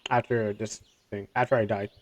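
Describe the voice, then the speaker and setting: A man's voice: on the low side, flat delivery, normal speed. A man streaming a game live, chatting and commenting with many restarts.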